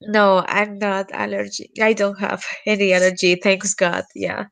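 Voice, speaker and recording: A woman's voice: medium pitch, flat delivery, unhurried, vocal fry, fairly bright tone. A woman as conversation partner in a casual language practice chat, answering with short reactions and questions.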